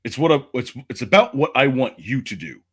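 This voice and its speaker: A man's voice: medium pitch, big pitch swings, a little fast, fairly bright tone, slightly rough. A man in his forties, a podcast co-host, telling a long personal story in casual, rambling fashion. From Southern United States.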